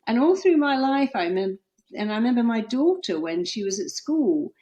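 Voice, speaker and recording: A middle-aged woman author, a guest on an interview podcast, telling stories with lively quoted voices. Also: a little high, fairly quick. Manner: animated storytelling, acting out quoted voices.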